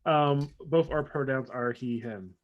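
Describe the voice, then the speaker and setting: A man's voice: medium pitch, unhurried, a little hiss or hum. Laid-back guy joking around before a tabletop game, muffled stream sound. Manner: easygoing, joking. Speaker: player. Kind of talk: casual chat with friends.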